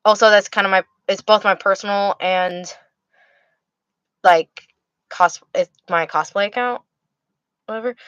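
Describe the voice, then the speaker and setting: A woman's voice: mid-range voice, a little slow, long pauses, fairly bright tone, clear, resonant tone, dry recording, lo-fi sound. A tired young woman hosting a livestream, chatting casually and rambling with many restarts as she answers her chat. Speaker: livestream host reading chat.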